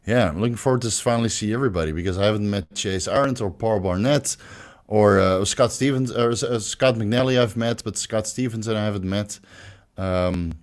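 A man's voice: fairly low pitch, a little fast. A man with a Dutch accent chatting loosely on a livestream, swearing freely and reading out viewer comments. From Netherlands. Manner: loose and profane, many fillers and restarts. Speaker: livestream host.

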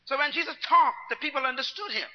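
A man preaching a sermon, teaching his congregation, going from quiet muttered asides to loud, driving declarations. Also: very high voice, quick pace. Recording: dull long-reverb hall sound.

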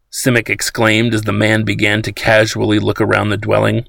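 A man narrating an audiobook in a steady storytelling manner. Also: on the low side, moderate pace, vocal fry, no room sound.

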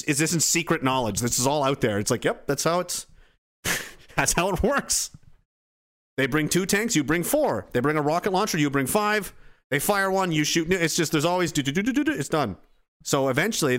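A man's voice: a little high, a bit bright. A man hosting a podcast livestream, ranting casually and profanely, reading chat messages and acting out quoted voices.

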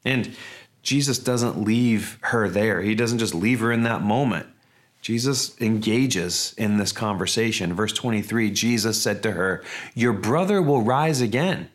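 A man's voice: fairly low pitch, unhurried. A man, a pastor, preaching a sermon in a conversational, emphatic way with rhetorical questions.

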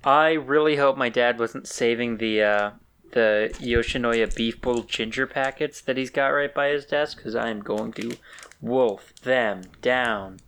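A man's voice: medium pitch, normal speed, fairly bright tone, clean tone. A man hosting a casual podcast and teasing his co-hosts in a playful way. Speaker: podcast host.

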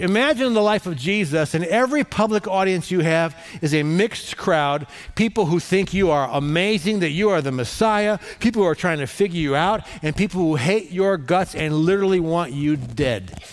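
A middle-aged male pastor preaching a sermon in a conversational, animated storytelling manner. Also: sits high.

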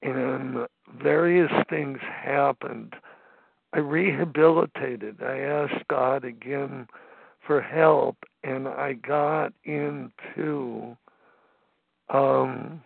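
An older man in his seventies speaks slowly over a tinny phone line, his voice a touch high and gravelly. He tells his own story haltingly, pausing on fillers and starting over. The sound is dry and close. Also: steady tone, no echo. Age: 70s. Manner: halting, with many fillers and restarts. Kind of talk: personal testimony at a phone meeting.

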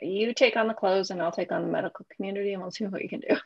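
A woman's voice: medium pitch, steady tone, racing, vocal fry, husky, highs cut off. A woman hosting a podcast, chatting casually and laughing often with her guest. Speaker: podcast host.

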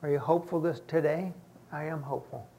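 A man's voice: a little high, steady tone, fast talker, creaky, mellow, lo-fi sound. A man preaching a conversational sermon as pastor to his congregation, acting out the voices of people he quotes. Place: church sanctuary with congregation.

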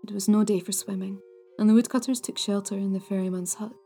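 A woman narrating old ghost stories in a hushed, measured way, at times near a whisper. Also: mid-range voice, fairly even intonation, breathy edge, faint music behind. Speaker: storyteller, podcast host.

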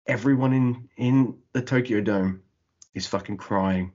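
A man co-hosting a wrestling podcast, recapping a match in excited, profane casual chat. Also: mid-range voice, measured pace, highs cut off. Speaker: podcast co-host.

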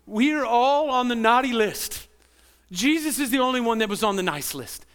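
A pastor delivering a lively, conversational sermon in a high voice. He stumbles over and repeats words as he goes, and he keeps turning questions back to the congregation. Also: moderate pace, clean tone. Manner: animated preaching, stammers and repeats words, asks the congregation questions.

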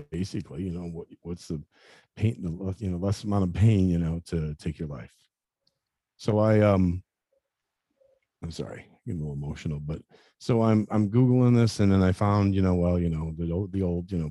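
A man in his fifties telling a personal story in an interview, earnest and halting, often repeating words and saying "you know". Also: low-pitched, warm tone, husky, dry recording, studio quality. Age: 50s. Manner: earnest, confessional. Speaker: interview guest.

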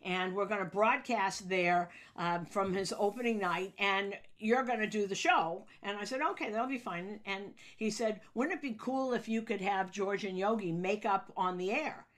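A woman, a sports broadcaster telling an anecdote in an interview, acting out quotes with sudden loud high bursts. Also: moderate pace, hardly any pauses.

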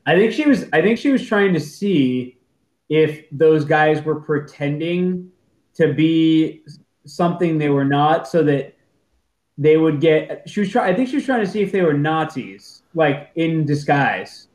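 A man co-hosting a casual movie podcast, jokey and quick, fond of playful wordplay. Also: on the high side, expressive, a little mellow, echoey room, rough recording. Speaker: podcast co-host. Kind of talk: casual movie review chat.

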